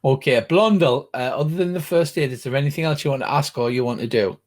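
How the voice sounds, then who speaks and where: Man, game master, patient rule explanations, measured delivery, mid pitch. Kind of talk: running a tabletop game over a call.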